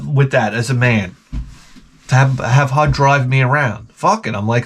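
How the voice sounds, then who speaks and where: A middle-aged man rants to his audience in a loose, profane, rambling way, riffing on strangers and his own life. His voice sits at an ordinary pitch but climbs into high mocking voices when he gets going. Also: a little slow, fairly bright tone, slight background noise. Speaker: podcast host. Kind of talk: crude comedic rant.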